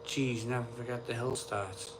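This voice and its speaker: A man's voice: mid-range voice, steady tone, moderate pace, noisy background. A man hosting a casual live stream, reading out viewer comments and answering them in an offhand, chatty way.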